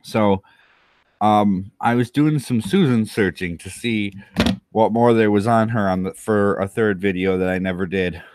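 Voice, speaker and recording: A slightly drunk man rambles in a low, unhurried voice, drifting into crude jokes and poking fun at himself. His delivery is loose and meandering. The sound is dry and close, with no room around it. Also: darkish tone, no room sound. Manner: meandering, self-mocking, crude asides. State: tipsy from rum. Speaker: channel host. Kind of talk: rambling solo commentary.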